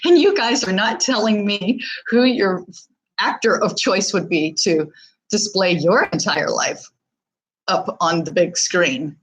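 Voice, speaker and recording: A woman's voice: medium pitch, measured pace, fairly bright tone, rough recording. A woman hosting a live stream, talking candidly and casually with viewers, with many fillers and restarts. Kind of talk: casual live chat reading viewer comments.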